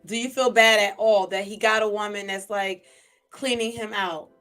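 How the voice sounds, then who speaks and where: A woman vlogger, gossiping in casual commentary to a live chat, chatty and animated. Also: mid-range voice, moderate pace, soft background music.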